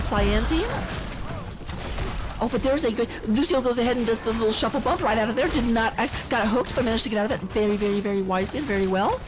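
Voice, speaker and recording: A woman casting a live online game match, giving chatty play-by-play with self-deprecating asides. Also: a little high. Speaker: esports caster.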